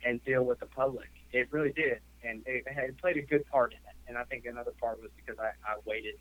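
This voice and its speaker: Man, podcast host, casual storytelling, rambling filler words, mid pitch, muffled lo-fi recording. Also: fairly even intonation, fairly quick. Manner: rambling, heavy on "like" and "you know".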